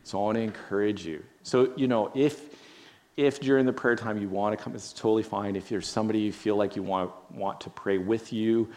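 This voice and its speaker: A man's voice: on the low side, steady tone, a little fast, a little mellow. A man preaching a sermon as pastor, earnest and repeating phrases for emphasis, then leading a prayer. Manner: earnest, repetitive emphasis, frequent "right?".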